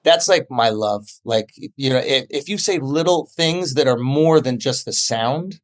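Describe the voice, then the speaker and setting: A man in his thirties, a comedian guest in a casual podcast chat, animated and joking, often repeating himself. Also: medium pitch, measured pace.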